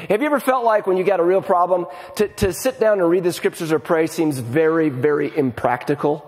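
A middle-aged man gives a conversational sermon with animated energy, often repeating words as he starts his sentences. His voice sits a little high for a man. It carries a long reverb from a large church hall. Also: brisk, hardly any pauses. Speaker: pastor.

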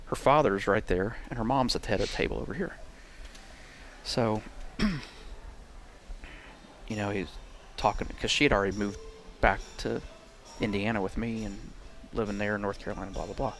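A man in his forties spins a rambling, profane story in easy conversation, laughing along at his own misfortune. His voice sits a little low. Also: fairly even intonation, normal speed, fairly bright tone. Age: 40s. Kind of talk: casual chat.

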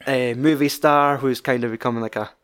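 A man's voice: mid-range voice, steady tone, fairly quick, fairly bright tone, clean tone. A young man with a Scottish accent chatting casually about a film, rambling and swearing freely.

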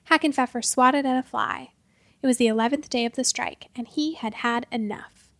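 A woman narrating a storybook in a lively, expressive way. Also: a little high, brisk, creaky, no room sound.

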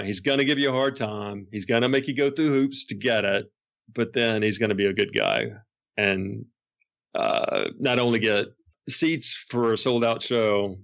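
A man's voice: lowish voice, gravelly, fairly bright tone. A man who is a podcast guest, casually telling rambling anecdotes with frequent chuckles and restarts.

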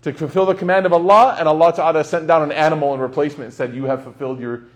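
A man's voice: on the high side, steady tone, racing. A young man giving a casual, joking lecture on Islamic teachings to a class, asking the students questions.

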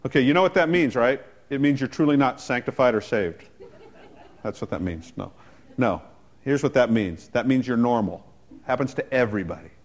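A man's voice: mid-range voice, lively intonation, fairly quick. A man, a pastor, preaching a sermon in a conversational way with joking asides.

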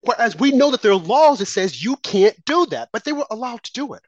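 A sarcastic woman commentator with a husky voice that swings widely in pitch. She heaps scorn on her targets in a mocking sing-song. The sound is dry and slightly dull. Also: sing-song, brisk, few pauses, dry recording. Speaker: political commentator. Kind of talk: opinion monologue.

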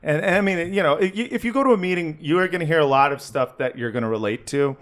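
A man's voice: fairly high pitch, fairly bright tone. A man co-hosting a podcast, speaking earnestly and bluntly about addiction recovery, with frequent fillers, restarts and swearing. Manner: earnest, profane, halting with many fillers. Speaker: podcast co-host. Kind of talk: casual podcast chat.

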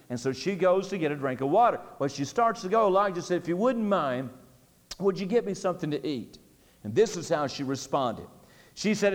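A man preaches in a church, his fairly high voice rising and falling with lively swings of pitch. He retells scripture in plain folksy paraphrase and climbs higher when he presses a point. The service recording carries a long hall reverb. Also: moderate pace. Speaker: pastor. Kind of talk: sermon. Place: church sanctuary.

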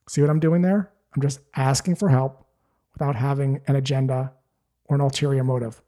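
A man's voice: medium pitch, fairly even intonation, a little fast, dark tone. A man giving a scripted, direct instructional talk as a sales coach, explaining things steadily.

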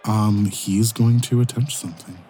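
A man's voice: fairly low pitch, fairly even intonation, normal speed, background noise. A man running a tabletop game as game master, describing scenes in a rambling way full of fillers.

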